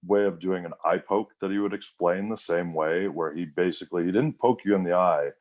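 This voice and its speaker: A man's voice: low-pitched, fairly quick, a little mellow. A man in his thirties, a wrestler guest, telling rambling stories in a casual interview, full of fillers and quoted voices.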